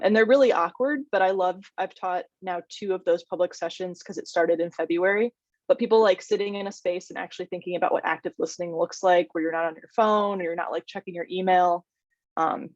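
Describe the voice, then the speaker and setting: A woman's voice: lowish voice, brisk, dry recording. A woman mental health educator speaking on a panel over a video call, conversational with frequent ums and likes. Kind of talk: casual panel discussion. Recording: dry, muffled video-call audio.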